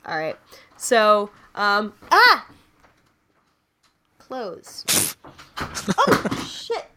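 A young woman hosts a casual comedy podcast, cracking jokes while laughing often and using many fillers. Her mid-range voice is bright and forceful, with huge pitch swings and a very slow pace.

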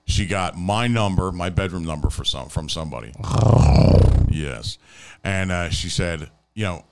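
Low-voiced man telling a rambling story. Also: a little slow, heavy background noise. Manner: rambling, laughing storyteller full of fillers. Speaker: podcast host telling a story. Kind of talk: casual chat.

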